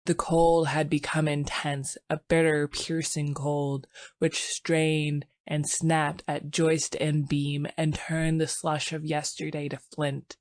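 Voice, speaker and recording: A woman narrating an audiobook in a slow, measured, somber way, recorded dry and close. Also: deep voice, little pitch movement, dry recording. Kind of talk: scripted narration.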